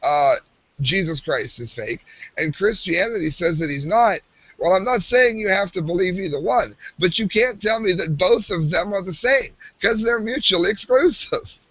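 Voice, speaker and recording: A man's voice: high voice, animated, normal speed, pushed and bright, slightly rough, no echo. Impassioned man on a muffled live stream. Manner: impassioned, emphatic, with many restarts. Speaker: podcast co-host. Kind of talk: heated live-stream panel talk.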